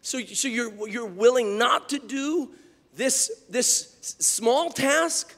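A man preaching voices a servant gently persuading his master. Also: very high voice, takes it slowly, in a large hall, exaggerated voice. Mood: coaxing. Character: reasoning male servant coaxing his master.

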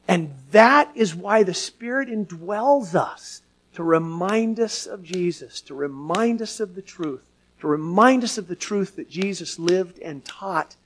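A man preaching a sermon as pastor to his church, asking the congregation questions and swinging from hushed lines to loud ones. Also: high-pitched, expressive, a little slow.

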